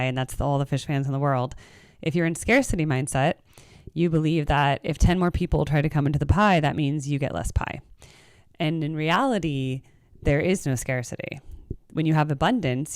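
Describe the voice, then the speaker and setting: A woman's voice: smooth, no room sound, studio quality. A young woman hosting her own music channel, talking casually to camera and acting out what other people say. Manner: chatty, animated, acts out quoted people in a higher voice. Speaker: music reaction channel host.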